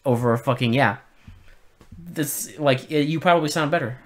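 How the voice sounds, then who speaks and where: A man co-hosting a podcast, chatting casually about a film with deadpan sarcasm and plenty of swearing. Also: on the high side, moderate pace. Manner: sarcastic, profane, deadpan irony. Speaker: podcast co-host. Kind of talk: casual film review chat.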